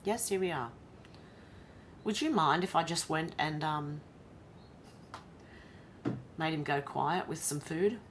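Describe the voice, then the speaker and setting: A woman's voice: sits low, takes it slowly, pauses often, a little hiss or hum. An Australian woman hosting a livestream from home, reading news aloud and reacting with exasperated, incredulous commentary. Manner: exasperated, incredulous, breaks into laughter. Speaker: livestream host.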